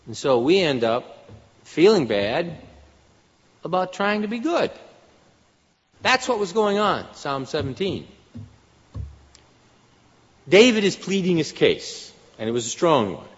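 A man's voice: a little high, very animated, slow pace, pauses often. A man preaching a sermon in an earnest style, his voice rising for emphasis. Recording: dull lo-fi sound with long hall reverb.

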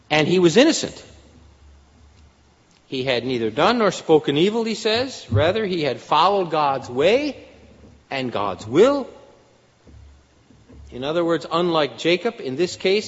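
A man preaching a sermon in an earnest style, his voice rising for emphasis. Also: on the high side. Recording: dull lo-fi sound with long hall reverb.

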